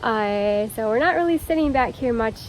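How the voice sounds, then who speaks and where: A woman vlogging outdoors on her deck and porch, chatty and enthusiastic as she talks straight to her viewers. Her voice sits a little high. A faint outdoor ambience runs underneath. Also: animated, moderate pace, slight background noise, rough recording. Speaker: home and garden vlogger. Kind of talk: casual vlog narration.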